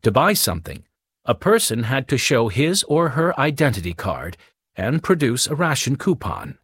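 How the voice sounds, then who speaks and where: A male narrator reading an audiobook with clear, expressive storytelling. His pitch moves in a lively way around a middle register, and the studio sound is dry and close. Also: moderate pace, no echo.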